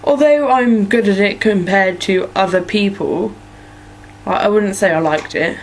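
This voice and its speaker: A young Norfolk woman with an English accent chats casually as a vlogger, rambling through her followers' questions and padding gaps with lots of "like" and "um." Her voice sits at medium pitch with a measured pace. The low-quality recording carries slight background noise.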